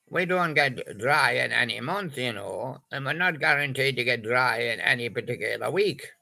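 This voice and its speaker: An older man with a gravelly voice, rambling through a comic monologue of puns on old pop songs, slipping in sung snatches. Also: medium pitch, pushed and bright, low-quality recording. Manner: slow, rambling, punning, with little sung snatches and put-on bits. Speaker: storyteller doing joke monologue about old pop songs.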